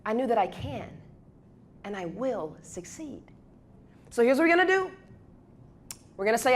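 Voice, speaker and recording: High-voiced woman rallying a crowd. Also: expressive, moderate pace, pauses often. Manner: repeats phrases, builds to shouted calls. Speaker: guest speaker. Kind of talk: motivational speech leading a crowd chant. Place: hall at a university event.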